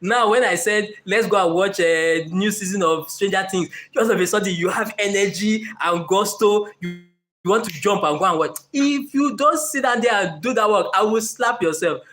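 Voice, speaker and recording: A man's voice: sits high, moderate pace, fairly bright tone, faint music behind. A man voicing his own dream self, a coaxing and then stern inner coach. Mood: scolding. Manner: persuading, then scolding.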